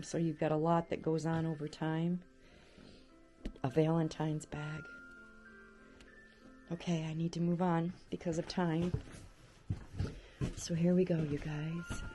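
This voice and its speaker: A woman vlogger narrating as she explores an abandoned farmhouse attic, chatty and exclaiming at creaking floors, recorded on a handheld camera. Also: low-pitched, warm tone.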